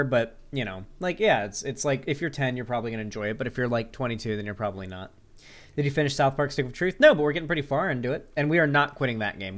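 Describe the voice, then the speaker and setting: A man streams and talks straight to his chat in loose, rambling sentences. He is sarcastic and swears freely. His voice sits at an ordinary middle pitch for a man. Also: a bit bright. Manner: answers viewer chat questions aloud. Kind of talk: casual livestream chat.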